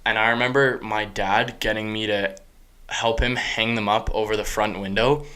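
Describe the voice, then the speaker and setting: Young male podcast host; casual rambler, fairly low register. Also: steady tone, normal speed, pushed and bright, smooth. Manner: rambling, heavy use of "like". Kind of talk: casual chat.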